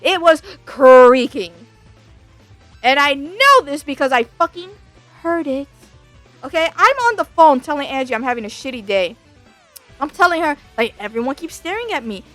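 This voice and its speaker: A woman telling a storytime as a vtuber, profane, exasperated and animated. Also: high-pitched, normal speed, long pauses, no echo. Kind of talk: casual storytime rant. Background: faint background music.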